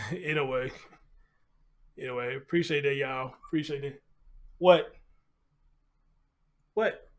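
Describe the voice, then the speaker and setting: A man's voice: mid-range voice, fairly even intonation, moderate pace, pauses often, fairly bright tone. A man, hosting a casual live show and chatting loosely, talking playfully to his puppy between remarks. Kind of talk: casual live-stream chat.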